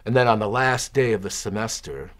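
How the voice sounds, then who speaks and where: Earnest low-voiced male teacher. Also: fairly quick, fairly bright tone. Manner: earnest, musing, trails off. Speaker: high school philosophy teacher. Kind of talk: reflective documentary interview.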